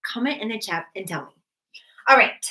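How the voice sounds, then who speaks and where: A woman's voice: a little high, lively intonation, moderate pace, sharp tone, a little hiss or hum. A woman teaching a live online math lesson, bubbly and encouraging, chatting with viewers between steps. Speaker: GED math tutor. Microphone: webcam.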